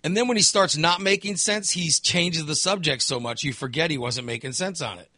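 Bright-voiced man ranting about politics. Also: on the high side, brisk, dry recording, clean studio sound. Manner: animated, mocking quotes of others, swears, sighs. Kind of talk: casual political rant.

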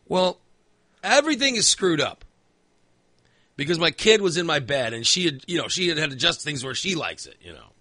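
Bright, rambling man telling a story. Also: on the high side, sing-song, fairly quick, no echo. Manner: rambling storyteller, filler-heavy, swears freely. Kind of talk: casual chat.

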